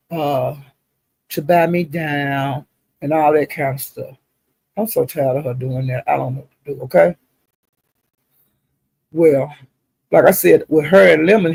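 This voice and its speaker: A man's voice: fairly high pitch, creaky, darkish tone, breathy edge, no room sound, rough recording. A man talking casually to a livestream chat, gossiping in a drawling, chatty way and speaking to viewers directly. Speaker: commentator recapping livestream drama.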